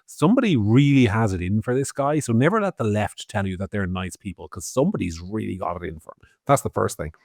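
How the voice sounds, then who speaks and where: An Irish man with a fairly low voice talks politics on a podcast, sardonic and fond of swearing. His pitch swings widely, from loud bursts down to quiet asides, and the close mic sounds completely dry. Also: expressive, fast talker, gravelly, few pauses, dry recording. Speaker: podcast co-host. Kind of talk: opinionated political chat.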